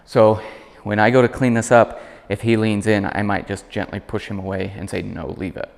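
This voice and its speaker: A man working as a dog trainer, calmly explaining commands while demonstrating them with his dog. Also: normal speed, vocal fry, long reverb tail. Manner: calm explaining, high praise voice for dog. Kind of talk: instructional demonstration.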